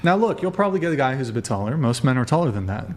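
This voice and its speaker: A man's voice: medium pitch, sing-song, very fast. A man hosting a podcast chat, blunt and profane, teasing his guest. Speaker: podcast host.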